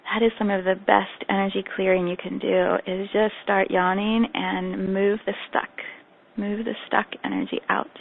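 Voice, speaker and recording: A woman guiding a group meditation on a call, speaking softly and gently with affirming asides. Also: medium pitch, little pitch movement, moderate pace, gravelly. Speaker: meditation guide. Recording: tinny phone-line call audio.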